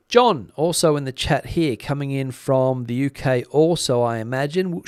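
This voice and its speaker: A man's voice: a little high, no room sound, studio quality. A man hosting a live stream, chatting casually with viewers, with frequent fillers and a slightly worn voice. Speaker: YouTube news channel host.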